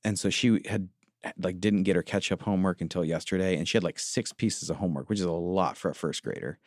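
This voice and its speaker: A man with a low voice talks earnestly in a reflective podcast chat, often pausing to find his words. The sound is dry and close, with almost no room around it. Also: a little mellow, no echo. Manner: earnest, confessional, searching for words. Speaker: podcast co-host.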